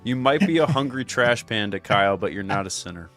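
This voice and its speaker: A man's voice: fairly low pitch, animated, a little fast, a bit bright. A man co-hosts a live call-in show in a playful, teasing way and laughs often. Faint music plays behind him. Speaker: co-host. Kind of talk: casual live show banter.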